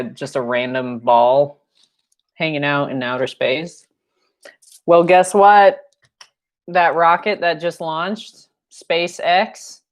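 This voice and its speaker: Young woman, paint-night instructor on a live stream, slow and chatty, low-ish voice, jokes and laughs a lot. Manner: chatty and jokey, laughs often.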